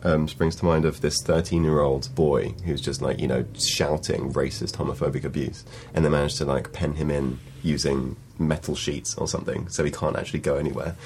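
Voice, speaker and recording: A man chatting on a panel, telling an anecdote in a halting way with many fillers. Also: a bass voice, level tone, a little mellow, a little hiss or hum. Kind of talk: casual panel chat.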